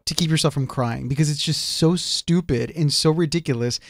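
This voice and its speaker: A man who is a guest on a talk show panel, giving animated, exasperated commentary. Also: a little high, brisk, no echo, clean studio sound.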